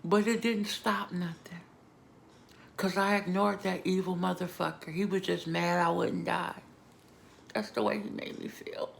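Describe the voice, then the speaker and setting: A woman vlogger giving an emotional, emphatic personal testimony, moving between hushed and loud moments. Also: fairly low pitch, flat delivery, unhurried, gravelly, a little hiss or hum. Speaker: vlogger sharing a personal story.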